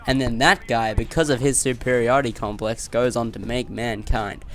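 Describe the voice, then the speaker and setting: A man's voice: medium pitch, fairly even intonation, normal speed, slight background noise. A man with an Australian accent giving a rambling, swearing rant as a gaming commentator.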